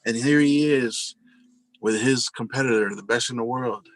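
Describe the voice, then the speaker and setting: A man's voice: medium pitch, moderate pace, no room sound, low-quality recording. A married man telling personal stories in a casual, earnest, rambling monologue, often saying "you know" and calling his listeners "guys". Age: adult, married with a family.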